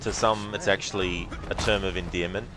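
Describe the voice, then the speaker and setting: An Australian man with a deep voice streams a video game, chatting with viewers briskly yet in a relaxed, rambling way and laughing easily. Background noise is audible.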